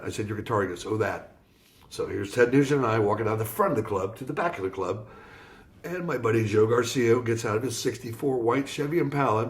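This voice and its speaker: A man from Florida, a guest musician on an interview podcast, telling a story and acting out the people in it. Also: fairly low pitch. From Florida, USA. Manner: animated storyteller acting out quoted dialogue.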